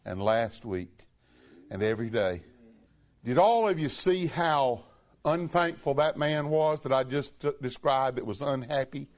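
A man preaching a sermon to his congregation, emphatic and earnest, swinging between loud high stresses and low quiet phrases. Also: lively intonation, measured pace.

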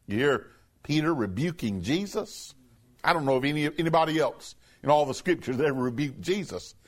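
Lively, high-voiced male preacher. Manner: emphatic, reads scripture in a slow raised voice. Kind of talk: sermon.

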